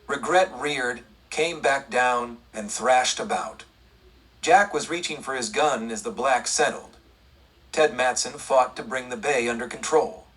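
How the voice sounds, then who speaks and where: A man narrating a western audiobook in a steady, even storytelling read. His voice is husky, of middling pitch, and recorded a little way back from the microphone. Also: unhurried, far from the mic, rough recording. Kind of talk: scripted narration.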